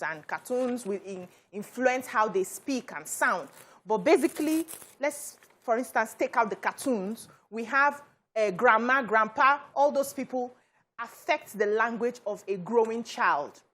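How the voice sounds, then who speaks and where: Higher-voiced Nigerian woman panelist. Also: animated, measured pace, fairly bright tone. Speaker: talk show panelist. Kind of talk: studio panel discussion.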